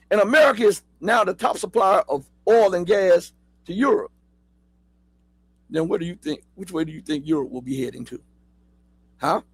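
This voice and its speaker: A middle-aged man with a Southern accent hosts his own talk show. His voice sits high and a little husky, and the room around it is dry. He reads an article aloud and keeps breaking off to ask his viewers questions. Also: dry recording, rough recording. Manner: talks straight to viewers, asks rhetorical questions, spells words out. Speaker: host. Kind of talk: casual commentary, reading an article aloud.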